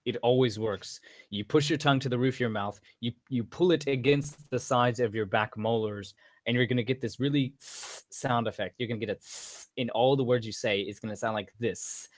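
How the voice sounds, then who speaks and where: Brief: casual male voice coach, rambling and full of restarts, mid-pitched, dry close mic. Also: dry recording. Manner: rambling, many restarts and asides. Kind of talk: casual voice-training tutorial.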